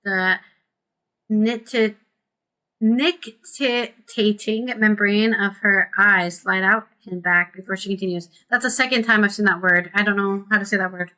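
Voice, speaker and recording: Bright-voiced woman streaming a game. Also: mid-range voice, fairly even intonation, measured pace. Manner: chatty, reads game text aloud. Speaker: gaming streamer. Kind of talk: casual game playthrough, reading aloud.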